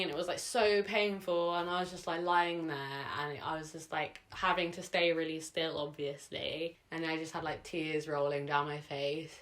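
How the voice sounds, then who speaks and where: A woman's voice: deep voice, fairly even intonation, unhurried. A young woman vlogging at home, telling a personal story in a rambling, emotional way, full of "like" and "sort of". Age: young adult. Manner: emotional, sometimes tearing up.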